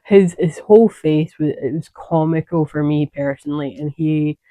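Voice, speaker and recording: Her deep, mellow voice moves at normal speed with no echo. On her knitting podcast she chats in a digressive, self-correcting way, going off on tangents as she presents her projects.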